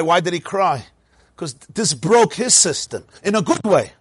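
A middle-aged man giving a Torah lecture, animated, often asking rhetorical questions and repeating words as he explains. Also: sits high, measured pace, slightly rough, no room sound. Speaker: teacher of Torah.

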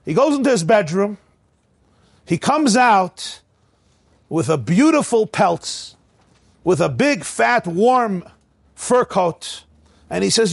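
High-voiced man giving an animated sermon. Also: takes it slowly, creaky, long pauses, slightly rough, no room sound. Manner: animated storytelling, acting out quotes.

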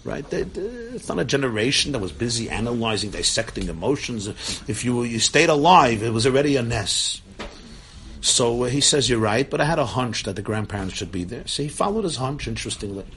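A man tells a long story in a talk, animated and acting out the voices he quotes. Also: mid-range voice, brisk, a little hiss or hum.

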